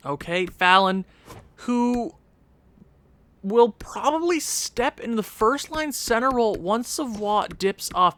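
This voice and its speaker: This man's voice is high-pitched, pushed and bright, captured in a dry recording. Hosting a gaming channel, he offers loose, talkative commentary on his gameplay, often cutting himself off to fix what he just said.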